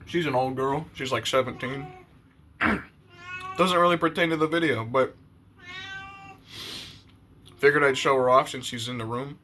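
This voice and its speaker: A man's voice: medium pitch, unhurried, long pauses, background noise. A man talking to camera in a casual, blunt and profane rant on his own channel. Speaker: YouTuber.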